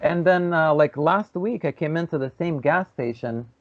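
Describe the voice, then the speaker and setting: A podcast co-host tells a story in a lively, casual chat, acting out the voices of the people he quotes. His voice sits on the high side at a normal speed, and the audio sounds tinny, like a phone.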